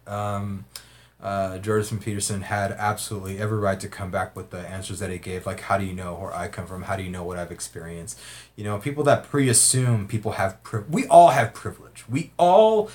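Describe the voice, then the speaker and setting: A man's voice: fairly low pitch, darkish tone. Rambling, profane man on a livestream. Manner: rambling, profane, laughs often. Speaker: livestream host reading viewer comments. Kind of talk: casual livestream chat.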